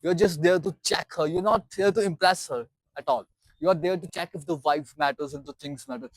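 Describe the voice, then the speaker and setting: High-voiced Indian English man coaching. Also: brisk, no echo, poor audio. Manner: instructive, repeats key points for emphasis. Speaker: dating coach. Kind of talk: advice talk to camera.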